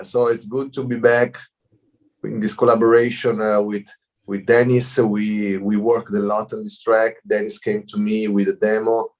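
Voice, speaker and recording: A middle-aged man with an Italian accent, a DJ guest on a video call, speaking in halting English and often repeating words. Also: lowish voice. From Italy. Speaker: DJ and producer guest. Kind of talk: casual interview. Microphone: computer mic over a video call.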